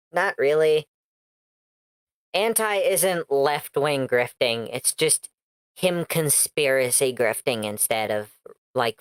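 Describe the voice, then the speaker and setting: A woman's voice: sits low, smooth, no room sound. A woman streaming reaction commentary, blunt and sarcastic, swearing freely.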